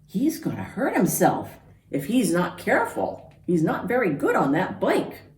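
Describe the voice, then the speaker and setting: A woman's voice: mid-range voice, wildly swooping pitch, a little slow, a little mellow, slight background noise. A woman voicing a worried female sheep who mutters her thoughts. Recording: roomy, from far off.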